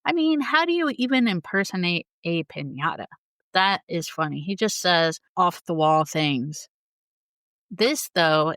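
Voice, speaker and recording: A woman host chatting eagerly and laughing often as she recites favorite quotes. Her voice is smooth and fairly low. The recording is close and dry. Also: a bit bright, dry recording. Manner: enthusiastic and giggly, reciting quotes. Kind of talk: casual talk about a musical.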